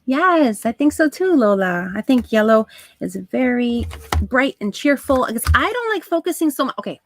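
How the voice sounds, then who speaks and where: A woman hosting a live crafting stream, chatting to her viewers as she works, with soft asides under her breath. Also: fairly high pitch, sing-song, moderate pace, no room sound. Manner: talks to chat viewers while working, soft asides. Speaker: craft livestream host.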